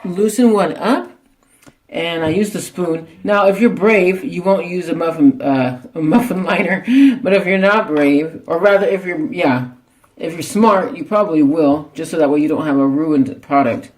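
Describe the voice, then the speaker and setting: A man's voice: a little high, moderate pace, darkish tone. Chatty man hosting an echoey cooking vlog. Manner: chatty, rambling, laughs often. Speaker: cooking show host. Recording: echoey room.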